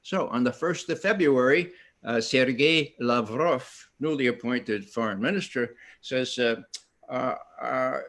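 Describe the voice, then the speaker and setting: A man's voice: medium pitch, measured pace, fairly bright tone. An older man speaking on a panel at an online event, telling stories animatedly with frequent restarts and acted-out quotes. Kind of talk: storytelling talk at an online event.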